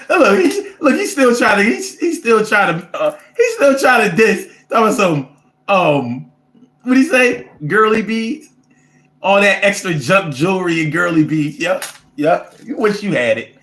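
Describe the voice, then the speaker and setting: Man hosting a show, profane ranting, high lively voice, echoey room. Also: normal speed. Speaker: show host. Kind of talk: casual talk to a live chat. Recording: roomy echo.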